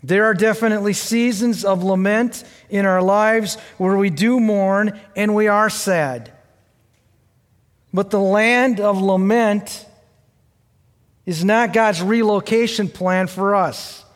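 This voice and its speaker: A man's voice: high-pitched, slow. An older man preaching a sermon, telling a personal family story in a conversational way and addressing the congregation directly. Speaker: pastor. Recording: long hall reverb.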